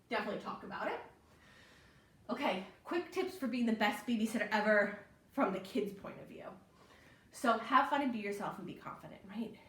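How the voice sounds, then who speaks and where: A woman's voice: fairly high pitch, far from the mic. A young woman giving a casual online class on babysitting, chatty with lots of ums and a habit of asking "right?". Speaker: library program instructor. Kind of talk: casual teaching talk. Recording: echoey room.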